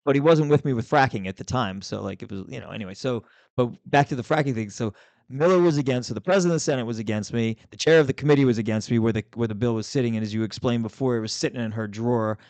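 Animated man telling a story, dry sound. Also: fast talker, no room sound. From Maryland, US. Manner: animated, acts out quotes with big pitch jumps. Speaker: podcast host, former state senator. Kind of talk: casual storytelling chat.

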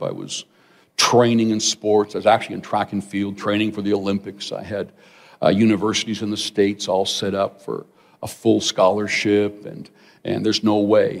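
A middle-aged man preaching a sermon, telling a personal story with animated asides to the congregation. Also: lowish voice. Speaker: pastor. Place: large church hall. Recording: long hall reverb.

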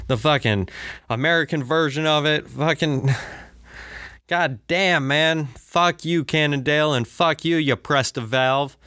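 A man's voice: medium pitch, bright, forceful tone, clean tone, no echo, studio quality. A man hosting a solo podcast from his basement, ranting with heavy swearing, rambling asides and lots of filler words. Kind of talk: profane ranting monologue. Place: home basement, alone.

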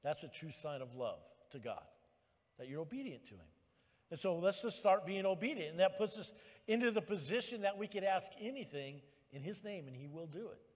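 Male pastor, sermon, emphatic, builds to loud exhortation, church hall reverb. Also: high voice, animated, fairly quick.

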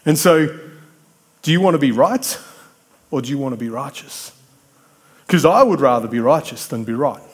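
A man's voice: mid-range voice, expressive, normal speed, long pauses. A man preaching a sermon, conversational and emphatic, building points through repetition and bantering with people in the congregation.

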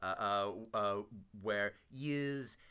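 A man from Philadelphia hosting a casual chat, speaking haltingly with many repeated words and fillers. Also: on the low side, pushed and bright, clean tone. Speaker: host. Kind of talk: casual conversation.

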